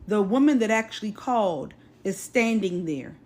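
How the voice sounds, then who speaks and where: A woman's voice: a little high, normal speed, hardly any pauses, a little mellow. Emphatic woman telling a story to her phone. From South Carolina, US. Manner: emphatic, repeats key phrases; addresses viewers directly. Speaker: social media commentator. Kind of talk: casual storytelling commentary.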